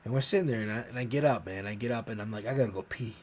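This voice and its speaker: A man telling a long, profane story in casual podcast chat, rambling and animated. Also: fairly low pitch, very fast, slight background noise. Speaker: podcast co-host.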